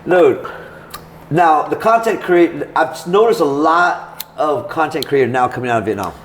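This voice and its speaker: A raspy man hosts a loose podcast chat with a lively, up-and-down delivery. He laughs often, swears freely, and sounds a bit high in an echoey room with faint noise. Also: normal speed. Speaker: podcast host.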